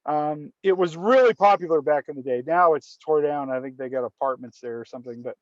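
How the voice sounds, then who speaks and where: A man's voice: fairly high pitch, brisk, no room sound, muffled recording. A man telling a story in casual conversation, often restarting and repeating words. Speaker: guest storyteller.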